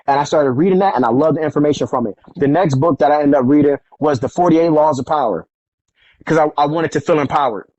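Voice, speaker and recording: Man guest, animated storyteller, slightly high voice, dry dull studio sound. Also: quick pace, dry recording. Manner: animated, acts out quoted voices, street slang. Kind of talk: casual storytelling conversation.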